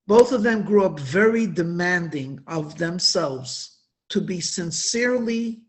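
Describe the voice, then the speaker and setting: Man, high voice, unhurried, emphatic religious storytelling, stretched-out words. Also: animated. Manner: emphatic, storytelling, drawn-out stresses. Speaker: speaker at a Hasidic gathering. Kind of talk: inspirational religious talk.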